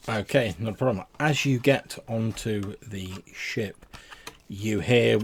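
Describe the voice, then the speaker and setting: A man's voice: lowish voice, slow, a little hiss or hum. A man narrating a tabletop game as game master, rambling with lots of fillers and restarts.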